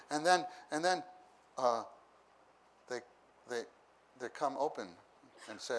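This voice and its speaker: Delivering a conversational church-meeting sermon, a man speaks at medium pitch, a little slowly, leaving long pauses. He echoes his own phrases and acts out voices from his stories, with occasional bursts of laughter.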